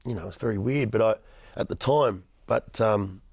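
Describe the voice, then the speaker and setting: A man's voice: lowish voice, normal speed, vocal fry, a little mellow, husky, no room sound, clean studio sound. A man in his thirties with an Australian accent, giving an emphatic personal testimony as an interview guest, often repeating words and restarting. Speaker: interview guest, motivational speaker.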